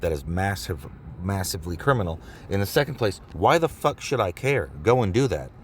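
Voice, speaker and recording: A man's voice: deep voice, very animated, brisk, slight background noise. A man ranting in an agitated, profane vlog, repeating himself and swearing often. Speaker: vlogger. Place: in his car.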